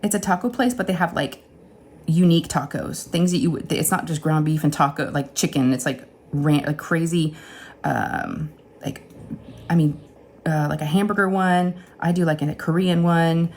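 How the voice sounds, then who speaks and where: A middle-aged woman telling a casual, chatty story straight to her viewers, animated and often acting out what people said. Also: deep voice, moderate pace, slight background noise. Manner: chatty, animated retelling with acted-out quotes and laughs. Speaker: crafting channel host.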